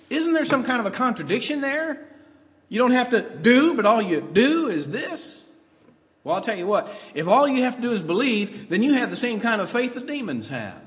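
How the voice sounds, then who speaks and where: A man's voice: sits high, a bit bright, long reverb tail. A man preaching a sermon, emphatic and full of rhetorical questions as he quotes scripture.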